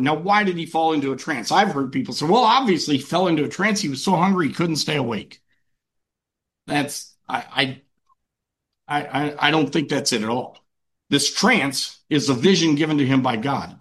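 A man's voice: fairly high pitch, fairly bright tone. Folksy man preaching a casual sermon. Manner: folksy, repeats and restarts words. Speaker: pastor. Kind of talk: conversational sermon.

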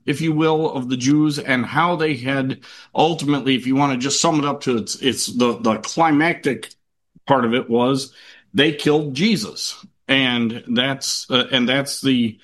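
A man teaching a Bible class in a loose, conversational way, stopping and restarting often and reading scripture aloud at a quicker clip. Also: mid-range voice.

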